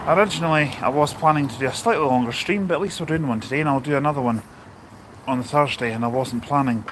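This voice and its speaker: A man's voice: mid-range voice, fast, noisy background. A Scottish man hosting a casual outdoor livestream, chatting, joking and reading viewer comments aloud. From Scotland. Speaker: livestream host. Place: outdoors at a railway station in the rain.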